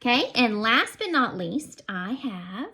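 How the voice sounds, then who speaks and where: A woman teacher narrates a recorded lesson for young children. Her voice sits a little high and swings up and down in a singsong way. She keeps an unhurried, encouraging pace as she counts and spells aloud. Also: big pitch swings, pushed and bright.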